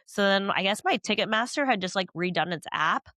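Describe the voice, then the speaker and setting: A woman's voice: mid-range voice, expressive, fairly quick, bright, forceful tone, dry recording, studio quality. A young woman co-hosting a podcast in casual chat, chatty with lots of fillers and laughs. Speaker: podcast co-host.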